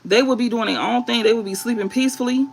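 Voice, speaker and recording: A woman's voice: on the high side, fairly even intonation, quick pace, vocal fry, a little hiss or hum, low-quality recording. A woman tarot reader talking straight to her viewers, emphatic and blunt, repeating her points and swearing freely. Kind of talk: spiritual reading to viewers.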